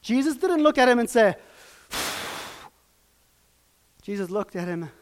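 A man delivers a sermon in a high voice. He swings from loud, emphatic peaks to hushed, quiet passages. He acts out quoted lines and puts questions to his listeners. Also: big pitch swings, unhurried. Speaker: preacher.

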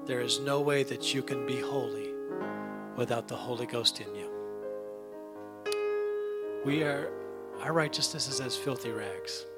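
A man preaching a sermon, telling a long joke story and addressing his congregation, sometimes rising to loud emphatic passages. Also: medium pitch, measured pace, pauses often, over loud music. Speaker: pastor. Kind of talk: sermon with an anecdote.

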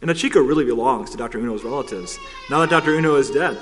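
A man voicing a weary, caring father in a storybook, calm and measured. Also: medium pitch, slight background noise, lightly acted. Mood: firm. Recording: long hall reverb.

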